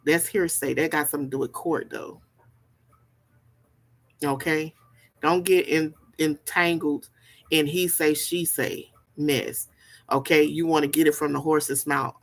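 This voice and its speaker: Folksy woman giving a spiritual reading. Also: low voice. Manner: repetitive, preachy, folksy, keeps asking "okay?". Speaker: spiritual reader. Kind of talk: spiritual reading, casual direct address.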